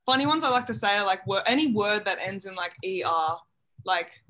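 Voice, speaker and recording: Bright-voiced young Australian woman. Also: medium pitch, brisk. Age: young adult. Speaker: college basketball player. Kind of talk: casual interview chat. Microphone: video call.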